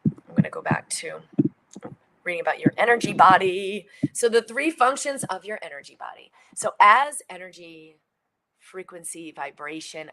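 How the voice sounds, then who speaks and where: A middle-aged woman hosting a book launch livestream, reading and talking in an animated way with some whispered moments. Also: lowish voice. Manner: animated, acts out little quoted voices, drops to near whispers.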